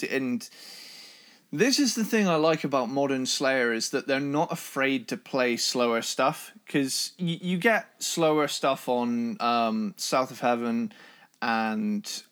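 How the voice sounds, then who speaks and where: A man co-hosting a casual music podcast, talking with enthusiasm in a hoarse voice. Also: mid-range voice, unhurried, fairly bright tone. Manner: enthusiastic, imitates drum sounds. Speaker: podcast co-host.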